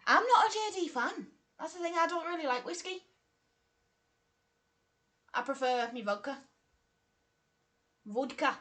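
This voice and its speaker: A woman chatting casually on a live stream, a little tipsy, self-deprecating and quick to laugh. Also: very high voice, expressive, bright, forceful tone.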